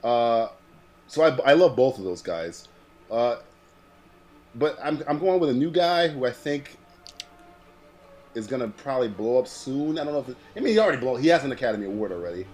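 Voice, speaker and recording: A man's voice: mid-range voice, very animated, brisk, long pauses, darkish tone. A man co-hosting a podcast in casual chat, rambling with frequent restarts, swearing and laughing often. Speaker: podcast co-host.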